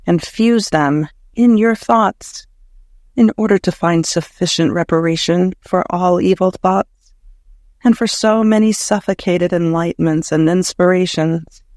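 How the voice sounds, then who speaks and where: Male narrator with a high voice for a devotional audiobook, prayerful and emotional. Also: a little slow, a little mellow, no room sound, studio quality.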